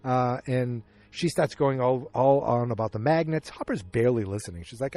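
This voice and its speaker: A man hosting a podcast, recapping an episode in casual chat from his backyard, acting out the characters' lines in quick changing voices. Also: medium pitch, dark tone. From Massachusetts. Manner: chatty, acts out character lines with quick voice shifts. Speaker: podcast host. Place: outdoors in a backyard.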